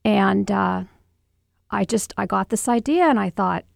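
A middle-aged woman with a strongly gravelly, creaky voice, telling a painful family story. She speaks haltingly, restarting and pausing with fillers. The recording is dry and close. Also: mid-range voice, dry recording. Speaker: guest, mother. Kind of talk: personal storytelling interview.

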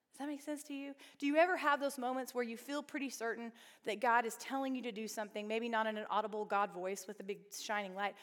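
Woman teaching Bible study in a hall. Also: a little high. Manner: conversational, asks the group questions. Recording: reverberant hall.

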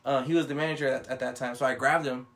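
A man's voice: mid-range voice, fairly even intonation, quick pace, fairly bright tone. A man telling a long story in casual chat, rambling and swearing, acting out what others said. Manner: rambling, profane, with many fillers and acted-out quotes.

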